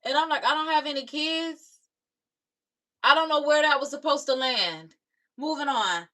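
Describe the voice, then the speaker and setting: Sassy raspy-voiced young woman streamer. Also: sits high, moderate pace, sharp tone. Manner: sassy, talks back to commenters. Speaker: live streamer reacting to comments. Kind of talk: casual reaction chat.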